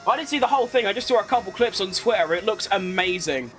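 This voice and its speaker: A man talking through his racing game in a very high, bright voice. He chats along casually, then jumps into excited shouts whenever things get close, and swears freely. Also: quick pace, soft background music. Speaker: gaming creator. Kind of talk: live gameplay commentary.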